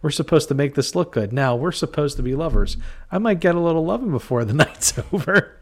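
A man's voice: a little high, lively intonation, brisk, voice pushed up. A man voicing a brash male police sergeant who mocks and teases his partner, laughing as he talks. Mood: teasing. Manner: mocking, laughing while talking.

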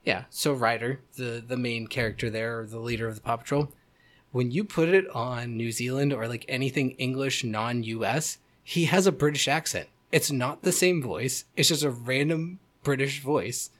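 A man's voice: medium pitch, moderate pace, a bit bright. Rambling man co-hosting a podcast. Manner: rambling, self-correcting, joking. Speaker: podcast co-host. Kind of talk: casual chat.

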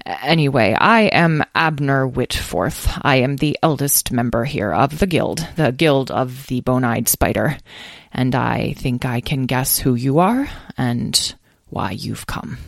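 A woman's voice: very deep voice, lively intonation, takes it slowly, gravelly, no echo, clean studio sound, pitched below the performer's own voice, exaggerated voice. A woman doing a formal elderly guild leader. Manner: courteous, apologetic, stammering.

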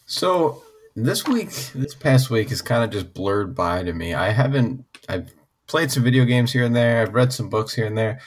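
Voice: mid-range voice, lively intonation, moderate pace, slight background noise. A podcast co-host in casual chat, playful and sharing fun facts with mock showmanship.

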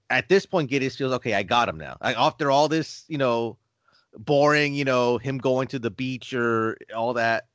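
A man's voice: medium pitch, a bit bright, no room sound. Hesitant man co-hosting a film podcast. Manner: hesitant, lots of fillers like "like" and "you know". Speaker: podcast co-host. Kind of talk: casual film discussion.

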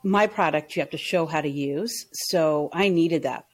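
A woman in her thirties tells how her small business grew, in a casual interview. She talks a little low and acts out what each person said, with plenty of "like" along the way. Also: normal speed, husky. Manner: animated, acts out dialogue in her stories with lots of "like". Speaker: small business owner, guest.

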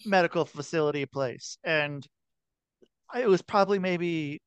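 A man's voice: on the high side, measured pace, smooth, no echo. A man hosting a podcast, chatting casually with a guest, swearing freely and restarting his sentences. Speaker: podcast host. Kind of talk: casual interview chat.

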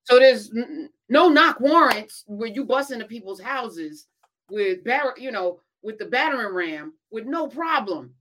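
A woman's voice: fairly high pitch, animated, a little slow, fairly bright tone. A woman in casual conversation, reflective and earnest, often quoting her own thoughts and asking questions.

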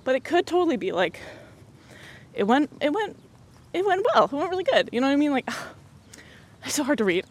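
A young adult podcast host chatting casually, laughing often and acting out what others said. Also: mid-range voice. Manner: laughs often, acts out quoted dialogue. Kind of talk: casual storytelling chat.

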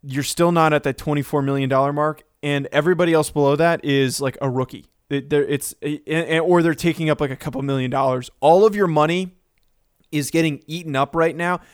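A man with a slightly high, smooth and clear voice, laying out numbers in a measured sports-talk manner. He often restarts his phrases, and the sound is close and dry. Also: steady tone, no room sound. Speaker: podcast co-host.

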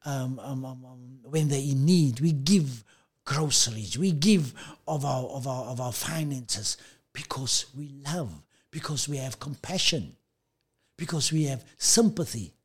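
A man preaching a sermon as pastor, emphatic and repetitive, slowing down to stress key lines. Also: mid-range voice, slightly rough.

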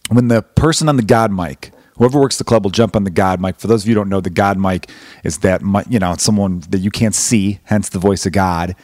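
A man's voice: fairly low pitch, fairly quick, darkish tone, no room sound, clean studio sound. Profane rambling podcast comedian man. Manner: profane, self-deprecating, rambling. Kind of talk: casual rambling monologue. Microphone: close podcast mic.

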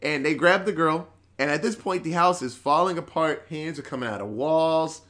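Rambling, profane man with a higher voice. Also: moderate pace, a bit bright. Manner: rambling, profane, filler-heavy storytelling. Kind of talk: casual chat recapping horror movies.

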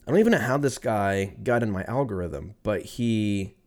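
Man, 30s, fairly low pitch, podcast host, rambling casual chat, swears a lot, laughs at own jokes. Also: lively intonation, normal speed.

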